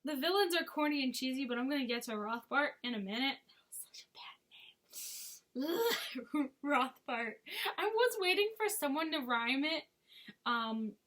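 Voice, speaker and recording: A woman's voice: on the high side, a bit bright. A woman chatting casually as a movie reviewer, with frequent giggles and sarcastic asides. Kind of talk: casual chat.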